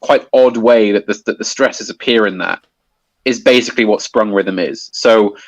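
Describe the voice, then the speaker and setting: A man's voice: fairly low pitch, normal speed, no echo, dull audio. A man explaining a topic in casual conversation, hesitant with many restarts and fillers. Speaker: guest explaining poetry.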